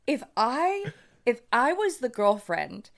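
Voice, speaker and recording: A woman's voice: on the high side, very animated, takes it slowly, vocal fry. A young woman with a Michigan accent, co-hosting a podcast, reading listener confessions in a candid, giggly way. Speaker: podcast co-host. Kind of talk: casual chat.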